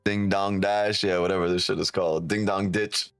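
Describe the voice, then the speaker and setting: A man's voice: low voice, little pitch movement, normal speed, a bit bright, smooth, dry recording, studio quality, faint music behind. A man, a trading streamer, chatting casually on a live stream, swearing a lot, joking and laughing often.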